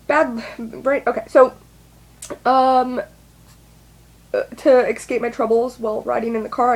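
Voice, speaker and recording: A woman's voice: on the high side, gravelly, darkish tone. A young woman vlogging a confessional monologue, rambling, swearing and putting herself down with nervous laughs. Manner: rambling, profane, self-deprecating, with nervous laughs.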